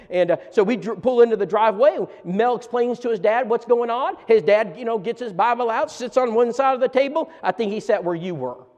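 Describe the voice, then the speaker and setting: A man preaching a seminar lesson as a story, animated and repeating words in quick bursts. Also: high-pitched, lo-fi sound. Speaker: preacher teaching a church seminar. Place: church auditorium. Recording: long reverb of a church hall.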